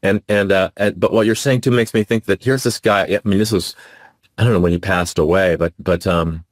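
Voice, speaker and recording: A man's voice: low voice, steady tone, a little fast, no echo. A man as a guest in a casual chat, talking thoughtfully and restarting his sentences as he works through an idea. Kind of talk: casual conversation.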